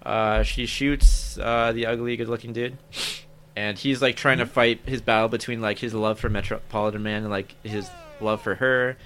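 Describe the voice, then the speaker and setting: A man's voice: medium pitch, fairly even intonation, normal speed, fairly bright tone, smooth. A young man co-hosting an anime podcast, recapping episodes in a rambling, casual way with lots of filler words. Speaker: podcast co-host.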